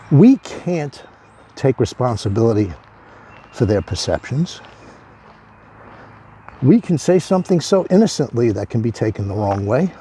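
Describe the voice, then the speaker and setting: Mellow, emphatic man giving a recovery talk. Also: mid-range voice, a little hiss or hum. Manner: conversational, emphatic, repeats key phrases. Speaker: addiction recovery speaker. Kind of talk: motivational talk.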